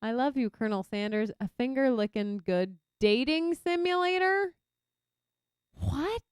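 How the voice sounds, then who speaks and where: Casting: young Texan woman, streamer, animated high voice, dry close mic. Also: normal speed, smooth, dry recording. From Texas. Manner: chatty, reacts loudly to chat. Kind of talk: casual chat while gaming.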